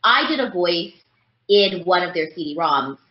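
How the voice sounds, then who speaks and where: A woman's voice: fairly low pitch, lively intonation, measured pace. A woman voice actress chatting as an interview guest, rambling with lots of fillers. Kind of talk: casual interview chat. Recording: roomy, dull lo-fi sound.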